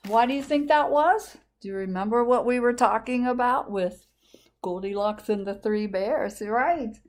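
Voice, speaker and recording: A woman librarian reading a picture book aloud to children, gently asking them questions. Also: fairly high pitch, normal speed. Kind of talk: storytime read-aloud to children.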